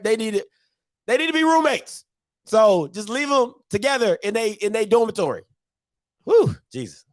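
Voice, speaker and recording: A man hosting a sports recap show, ranting in excitable, slangy trash talk and repeating himself for emphasis. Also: sits high, no room sound, studio quality. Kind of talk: animated sports recap rant.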